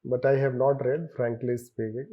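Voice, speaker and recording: A man's voice: medium pitch, level tone, normal speed, lo-fi sound. A man with an Indian accent teaching a class, talking in a loose, rambling way with asides and trailing sentences. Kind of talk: classroom lecture.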